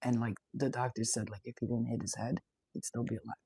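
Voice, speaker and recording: A woman's voice: extremely low pitch, fairly even intonation, quick pace, creaky, warm tone, breathy edge, no echo. A woman, a spiritual reader, talking casually and bluntly to her viewers, swearing freely. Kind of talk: casual direct-to-camera chat.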